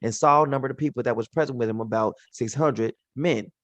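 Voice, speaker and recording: A man's voice: medium pitch, brisk, a bit bright, no echo. A man teaching from the Bible in an informal, slangy way, acting out the characters' lines as he retells the stories.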